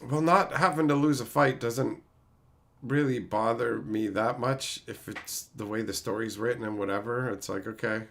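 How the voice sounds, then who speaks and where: A man's voice: mid-range voice, moderate pace, creaky. A man streaming a casual, profane rant, sounding exasperated and incredulous.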